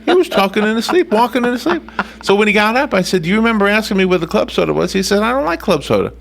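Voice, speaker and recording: A man's voice: sits high, very fast, creaky. A man hosting a radio chat show, retelling funny stories and acting out the quotes with frequent laughter. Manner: animated storyteller, acts out quotes, laughs often.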